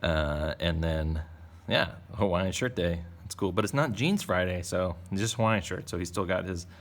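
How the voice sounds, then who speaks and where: A man's voice: low voice, animated, moderate pace. A man teaching a drawing lesson for kids, talking in a playful, rambling, jokey way as he draws. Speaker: art teacher.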